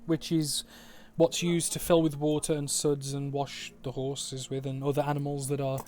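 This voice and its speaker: A man's voice: medium pitch, flat delivery, normal speed, darkish tone. A man with a West Midlands English accent, narrating a tabletop game as game master in a laid-back, swearing, rambling way from home. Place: home, online session.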